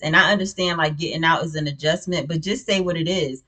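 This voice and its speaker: A woman's voice: sits low, fairly even intonation, fast, few pauses, pushed and bright. A woman recapping a reality show in casual, blunt, opinionated chat, with many "you know what I'm saying" fillers.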